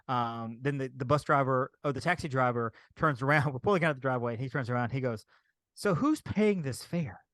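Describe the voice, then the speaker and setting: This podcast co-host talks quickly with few pauses, his voice sitting in the mid range and free of echo. Chatting casually, he tells a lively story and performs his own lines and other people's.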